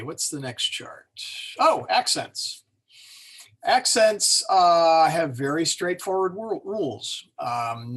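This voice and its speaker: A man's voice: on the high side, fairly bright tone, husky. A man teaching an informal class on Latin pronunciation, talking loosely with many fillers and restarts. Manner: hesitant, many fillers and self-corrections.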